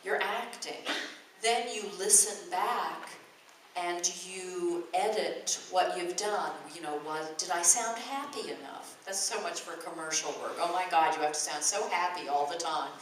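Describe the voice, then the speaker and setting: A woman's voice: fairly low pitch, measured pace, slight background noise. Older woman voice actor at a fan Q&A, chatty storyteller, recorded from far off in a roomy hall. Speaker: convention guest voice actor. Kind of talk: convention Q&A talk. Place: large convention hall. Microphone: distant from the recording mic.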